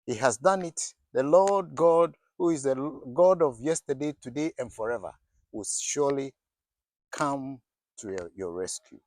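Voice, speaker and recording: A middle-aged man preaches a sermon with a voice of middling pitch. He asks his listeners questions and often stumbles and restarts mid-phrase. The sound is dry and close, with no room around him. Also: lively intonation, measured pace, a little mellow, dry recording. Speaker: pastor.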